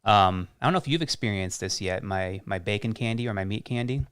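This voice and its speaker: Male stream guest, easygoing and joking, low, resonant, dry. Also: a little fast, a bit bright, clear, resonant tone, no room sound. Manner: mild, joking, easygoing storyteller. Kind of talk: casual chat on a live stream.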